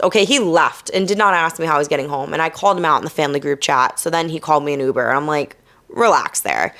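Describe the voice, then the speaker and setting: A young woman from New Jersey hosts her own podcast, spilling a night-out story in a loose, chatty way. Her voice sits a little low, and she drops into sassy mock quotes and casual swearing. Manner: animated, swearing, mock-quoting others with sass. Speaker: podcast host.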